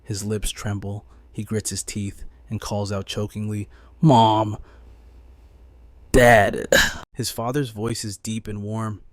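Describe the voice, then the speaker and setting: A man narrating a comic story recap in a measured, dramatic storytelling manner. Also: fairly low pitch, flat delivery, a little mellow, no echo.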